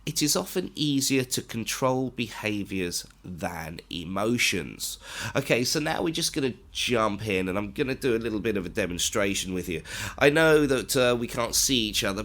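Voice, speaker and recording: A man teaching an online training module, lively and instructive, often jumping up in pitch to stress points. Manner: animated, instructive, pitch jumps up for emphasis. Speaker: corporate trainer. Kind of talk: online training lecture with demonstration.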